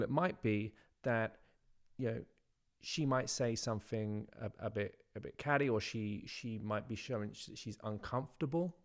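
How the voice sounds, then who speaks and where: A man dating coach talking straight to his viewers in a relaxed, conversational way, often checking in with "right?" and slowing his voice to show how a line should land. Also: medium pitch, creaky. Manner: conversational, repeats "right?", demonstrates lines by slowing his delivery. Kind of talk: instructional talk to camera.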